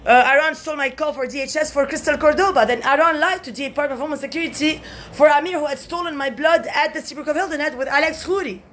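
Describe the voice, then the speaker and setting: A woman with a notably high voice delivers a rambling monologue to camera. She sounds agitated and swears freely, leaping from one point to the next and now and then breaking into shouts. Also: fast, slight background noise. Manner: agitated, profane, jumps between topics, bursts into shouting.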